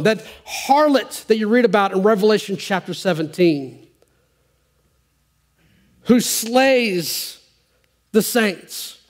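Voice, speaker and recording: A pastor preaching a sermon, reading scripture aloud and commenting on it with animated emphasis. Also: male voice, high voice.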